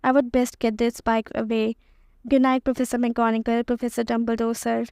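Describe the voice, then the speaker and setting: A woman voicing a big, gentle male giant who is tearful and stammers through his words. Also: a little high, level tone, normal speed, no room sound, clean studio sound, close to an everyday voice. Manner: sobbing, stammering speech.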